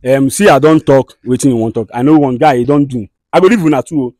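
Nigerian man, skit host; rapid, scolding-then-soothing delivery, dry close sound. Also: medium pitch, mellow, no echo. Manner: fast, scolding and soothing by turns. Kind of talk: comedy skit with direct address.

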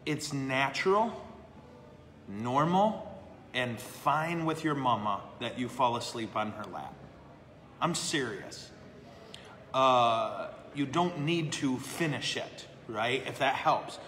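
A man's voice: mid-range voice, a bit bright, slight background noise. A man, a priest, chatting casually and answering questions live, self-deprecating and laughing often. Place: brewery. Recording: echoey room with long reverb.

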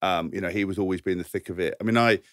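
A man's voice: sits low, fairly even intonation, very fast, no room sound, studio quality. A man co-hosting a podcast, telling anecdotes in a rambling, laughing way with lots of restarts. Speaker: podcast co-host. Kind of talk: casual chat, anecdote telling.

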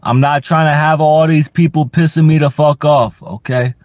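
A man's voice: a little high, fairly even intonation, normal speed, darkish tone, no room sound. A man rambling on a live stream from inside his parked car, talking to his chat in a frustrated, profane way and stammering over repeated words. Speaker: livestreamer.

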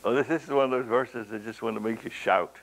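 A man's voice: medium pitch, quick pace, gravelly, low-quality recording. A man preaching a sermon, with dramatic swings in his delivery, folksy storytelling asides and occasional chuckles.

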